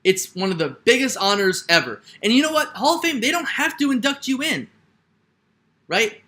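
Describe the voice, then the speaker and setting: A man's voice: very high-pitched, very animated, normal speed, bright, forceful tone. A young man delivering an emphatic sports opinion rant, repeating his points and tagging lines with "right?". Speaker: sports commentator. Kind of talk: ranting opinion monologue.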